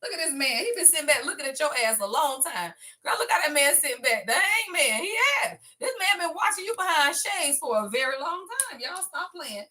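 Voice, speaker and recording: Woman, tarot reader, high lively voice, profane, hype energy. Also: brisk, few pauses. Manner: excitable, profane, laughs and exclaims often; talks straight to viewers as y'all. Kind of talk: casual tarot reading to camera.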